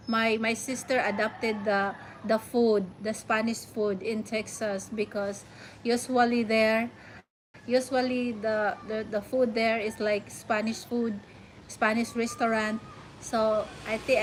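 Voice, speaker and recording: A woman's voice: on the high side, slight background noise, poor audio. A woman with a Filipino accent chatting casually to viewers on her vlog, rambling and often searching for words. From Philippines. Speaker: vlogger. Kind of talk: casual live chat.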